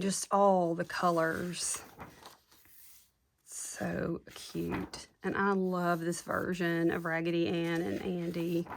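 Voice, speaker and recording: A woman talks slowly and warmly through her crafts, gushing at every detail. Her lowish voice has a gravelly edge, and a faint background hiss sits under the recording. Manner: gushing, chatty, addresses viewers as y'all. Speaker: craft seller showing handmade junk journals. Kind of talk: casual show-and-tell chat.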